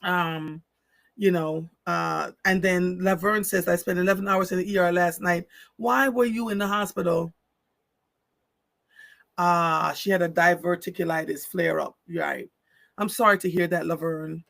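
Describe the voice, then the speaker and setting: A live stream host with a high voice reads viewer comments aloud and answers them earnestly and emphatically, often repeating phrases for stress. His tone is steady and unhurried, with vocal fry and a slightly bright quality, and there's no room sound.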